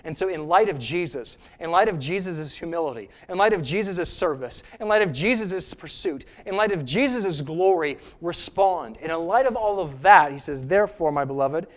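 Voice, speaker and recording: A man's voice: fairly high pitch, lively intonation, moderate pace, few pauses. A male pastor with a Canadian accent preaching a sermon in an earnest, emphatic way, repeating key phrases for stress. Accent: Canadian English.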